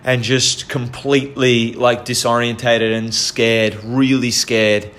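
A man's voice: mid-range voice, little pitch movement, slow pace, fairly bright tone. A young Australian man tells a personal story in a casual, earnest way, often restarting and repeating himself.

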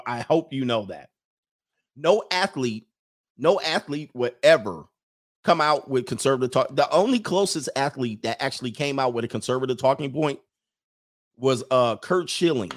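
A man hosting a stream, ranting in a loose, joking, rambling way. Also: mid-range voice. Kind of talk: casual commentary rant.

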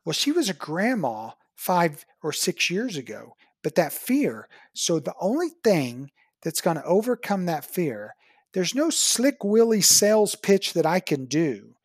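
A dentist guest telling a patient story, acting out both sides of the talk with lively pitch jumps. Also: a little slow, husky, no echo, studio quality. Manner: animated, acts out patient dialogue with big pitch jumps. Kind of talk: storytelling in an interview.

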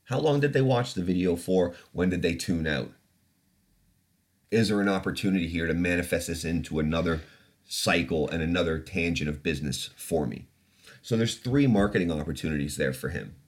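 A man with a deep, low-pitched voice talks loosely on his podcast. He laughs often between his sentences and swears casually as he chats. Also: a little fast. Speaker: podcast host.

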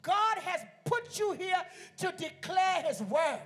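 A woman pastor preaching a sermon, calling out to the congregation and building up to shouted lines. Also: extremely high pitch, animated, takes it slowly. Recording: music playing behind.

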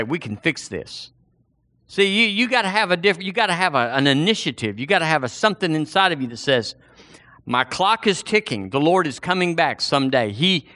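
A man preaching a sermon in a folksy, animated way, acting out the voices in the story. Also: a little high. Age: 60s.

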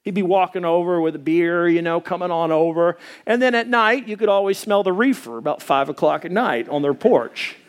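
A man's voice: a little fast, hardly any pauses. A middle-aged man preaching a sermon as a pastor, telling stories in a conversational way with many fillers and hesitations. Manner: acts out quoted voices in a higher pitch.

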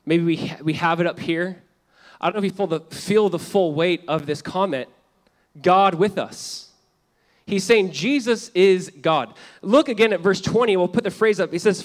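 High-voiced animated man preaching. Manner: animated and conversational, swinging between loud emphasis and hushed lines; casual, frequent "like" fillers and wry asides. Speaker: pastor. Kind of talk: sermon.

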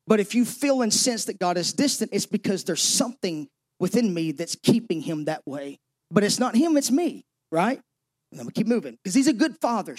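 A man pastor preaching a sermon, emphatic, shifting between driving exhortation and hushed, intimate passages. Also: high voice.

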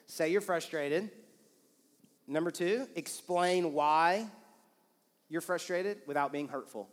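Male pastor, casual animated sermon, slightly high voice, big hall reverb. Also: slow, pauses often. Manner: casual, animated, acts out quoted lines. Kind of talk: sermon with couple's banter. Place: church auditorium. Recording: long reverb of a church hall.

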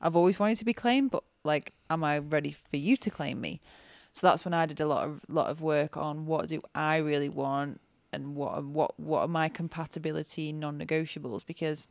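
A woman's voice: sits low, fairly even intonation, normal speed, gravelly, hardly any pauses, no echo. A woman co-hosting a podcast, chatting casually in an earnest, reflective way. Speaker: podcast co-host, partner of the host.

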